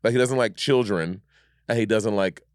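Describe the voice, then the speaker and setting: A man's voice: on the low side, normal speed, no room sound, studio quality. A man co-hosting a podcast in casual, playful chat, laughing often and rambling through his thoughts. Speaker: podcast co-host.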